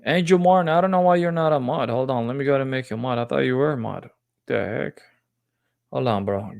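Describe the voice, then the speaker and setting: A man's voice: mid-range voice, a little fast, gravelly, no room sound, phone-quality sound. A man hosting a live-streamed religious debate, talking in a confrontational, mocking way. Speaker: debate livestream host.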